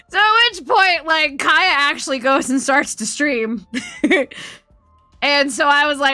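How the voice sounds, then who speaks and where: A woman streamer chatting casually with her viewers, her voice high and bright. She swears freely and laughs through her story. The sound is dry and close, with faint music underneath. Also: unhurried, no echo. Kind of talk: casual chat.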